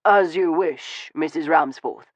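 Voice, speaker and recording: A woman voicing a calm, wry Victorian gentleman who speaks in a steady, conversational, probing way. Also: deep voice, takes it slowly, dry recording, lo-fi sound. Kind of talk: audiobook reading.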